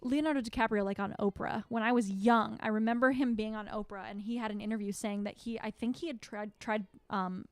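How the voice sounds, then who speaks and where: A woman's voice: a little high, steady tone, brisk, few pauses, smooth, no echo. A young woman co-hosting a podcast in casual chat, blunt and emphatic, swearing casually. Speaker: podcast co-host.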